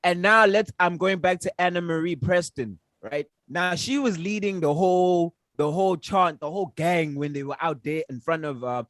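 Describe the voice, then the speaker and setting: A man's voice: high voice, normal speed, hardly any pauses, a bit bright, no echo, clean studio sound. A man co-hosting a casual podcast, telling a story in a heated, emphatic, profane way. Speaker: podcast co-host. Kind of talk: casual chat.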